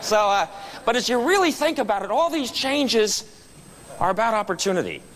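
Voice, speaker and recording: High-voiced man telling a funny story. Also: big pitch swings, normal speed, a bit bright. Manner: storytelling with punchlines. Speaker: guest speaker at a club meeting. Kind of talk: humorous motivational speech. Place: meeting room.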